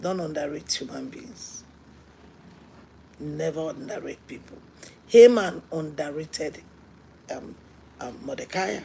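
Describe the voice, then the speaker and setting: Gravelly husky woman preaching. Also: low voice, lively intonation, takes it slowly, pauses often. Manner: earnest storytelling preacher, swings between hushed and emphatic. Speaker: pastor. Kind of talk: sermon.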